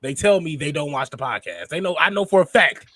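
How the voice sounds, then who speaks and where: A man co-hosting a casual chat podcast, telling stories in an animated, teasing way. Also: fairly high pitch, fairly quick. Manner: animated teasing storyteller, laughs often. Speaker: podcast co-host.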